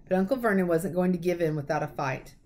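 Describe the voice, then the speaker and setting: A woman teacher reading a children's novel aloud, expressive and lively. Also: fairly low pitch, fast.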